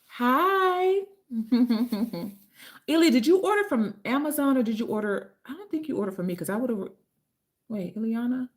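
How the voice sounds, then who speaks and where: Talking fast with lively intonation, this woman has a somewhat high, slightly mellow voice. She's an author hosting an easygoing livestream at home, ring light on and kitchen nearby, greeting each viewer by name and calling them honey.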